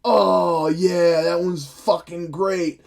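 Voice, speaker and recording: A man's voice: sits high, little pitch movement, drawn-out words, gravelly. A young man delivering a profane, sarcastic, exasperated movie review rant. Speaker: film reviewer. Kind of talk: ranting vlog review.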